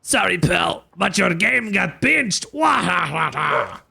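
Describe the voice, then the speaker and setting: A petty, whiny street thug from a video game, put on by a man with a nasal, cartoonish voice. He cackles and wails and swings wildly up and down. The voice is gravelly at the edges. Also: sits high, very animated, slow pace, pushed and bright, exaggerated voice. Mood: gloating.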